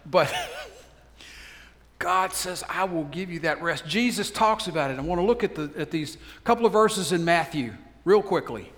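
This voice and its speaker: An older male pastor preaches in a church, telling a homey story before easing into slow, earnest prayer. His voice sits a little higher than most men's. A long reverb from the sanctuary trails each phrase. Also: expressive, fairly bright tone.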